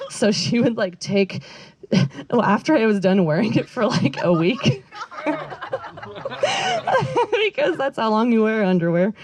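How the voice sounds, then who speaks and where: A woman's voice: mid-range voice, sing-song, normal speed, a loud crowd. Rambling, giggly woman comic. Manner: rambling, self-interrupting, giggly delivery. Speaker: stand-up comedian. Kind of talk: stand-up storytelling. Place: outdoor backyard show.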